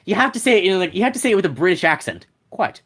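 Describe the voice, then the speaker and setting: A game streamer talks to the chat in a loose, rambling way, often restarting sentences and reading messages aloud. The pitch swings widely and animatedly through each thought. It sounds like a plain desk mic setup. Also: expressive, very fast, slightly rough. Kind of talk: casual live-stream chat.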